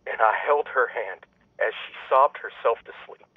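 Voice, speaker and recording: An actor playing a resentful adult son who speaks in clipped, accusing lines over the phone. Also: male voice, mid-range voice, moderate pace, husky, dry recording, lightly acted. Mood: bitter. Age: adult son with kids. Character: bitter grown son, cold and accusing. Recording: dry tinny phone line.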